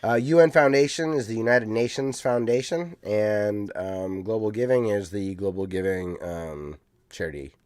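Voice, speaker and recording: Low-voiced, easygoing podcast co-host man. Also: moderate pace, darkish tone, no room sound, studio quality. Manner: easygoing, reads out listener comments. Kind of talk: casual chat.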